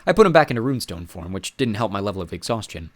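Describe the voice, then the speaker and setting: A man's voice: fairly low pitch, very animated, racing, no room sound. A man reading a first-person adventure story aloud with dry, wry asides. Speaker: audiobook reader.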